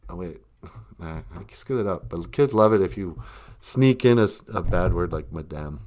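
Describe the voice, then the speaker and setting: A man's voice: sits low, lively intonation, moderate pace, a little mellow. A man with a Minnesota accent, hosting a live stream in a casual, joking monologue, mocking people with put-on voices.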